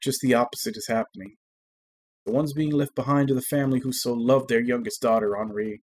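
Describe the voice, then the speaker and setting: A man streaming a game, reading its story text aloud in a measured, earnest way. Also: mid-range voice, fairly even intonation, slight background noise.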